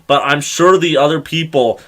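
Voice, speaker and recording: A man's voice: fairly high pitch, moderate pace, a bit bright. A young man from Massachusetts co-hosting a casual podcast, explaining things in a teasing, playful way. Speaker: podcast co-host. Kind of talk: casual chat.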